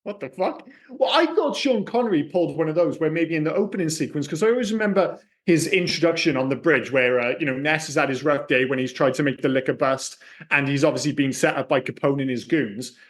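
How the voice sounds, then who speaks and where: A man co-hosting a casual film podcast, talking in an animated, opinionated way and swearing freely. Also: on the high side, fast, hardly any pauses. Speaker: podcast co-host.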